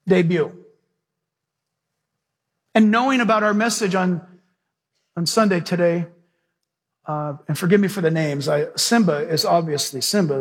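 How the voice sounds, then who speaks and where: A pastor preaching a sermon to his church, moving from storytelling into fervent prayer with repeated praise. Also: sits high. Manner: preaching with rising emphasis and prayer.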